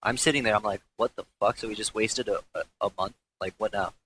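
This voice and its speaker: A young man, a former pro gamer, telling a candid, swearing story in casual talk with frequent halting restarts. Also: on the low side, fairly even intonation, fairly bright tone, a little hiss or hum, rough recording.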